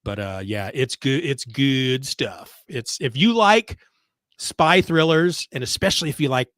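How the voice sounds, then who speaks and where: A man's voice: medium pitch, animated, measured pace, fairly bright tone, no room sound, clean studio sound. A middle-aged man co-hosting a podcast, chatting casually and rambling, a bit congested, swearing freely as he retells scenes with animation. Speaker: podcast co-host. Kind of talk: casual chat. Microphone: remote call mic.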